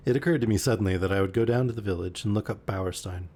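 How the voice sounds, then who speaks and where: Low husky man reading a novel aloud. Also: fast, darkish tone. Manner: dry, joking asides between passages.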